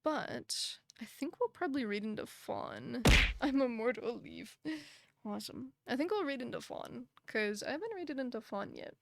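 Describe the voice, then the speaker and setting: A woman's voice: on the high side, big pitch swings, moderate pace, creaky, a little hiss or hum. A young woman streaming live, chatting casually with her chat in a sympathetic, filler-heavy way, a little tired and out of breath. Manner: chatty, sympathetic, frequent fillers and soft laughs.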